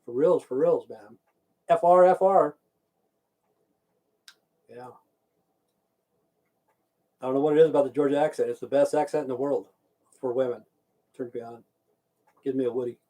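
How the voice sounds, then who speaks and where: Rambling through a casual livestream rant, this host swears constantly, keeps saying "okay," and talks back to his chat. His mellow, mid-range voice moves at a moderate pace with frequent pauses, and the recording is rough.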